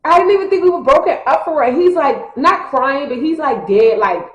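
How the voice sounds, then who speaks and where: A young woman tells a personal story casually, slangy and animated, acting out her friends' lines. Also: sits high, moderate pace, muffled recording. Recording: echoey room.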